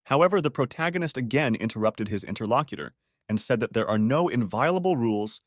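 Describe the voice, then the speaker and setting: Male narrator, mid pitch, dry close-mic read, steady scripted comic recap. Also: fast talker, no echo. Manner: even, steady reading in reported speech.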